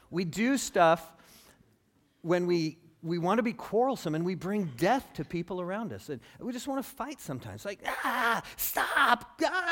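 A man delivering a sermon like a conversation, often asking his listeners questions. His pitch runs a little high for a man and moves up and down a lot. He acts out the things people say. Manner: lively, conversational, acts out quoted speech; asks the audience questions. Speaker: pastor.

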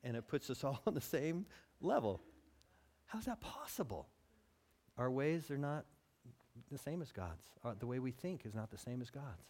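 A pastor preaching a sermon, acting out quotes and building to near shouts. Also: male voice, medium pitch, moderate pace, long pauses. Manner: animated, acts out quotes, rises to near shouting.

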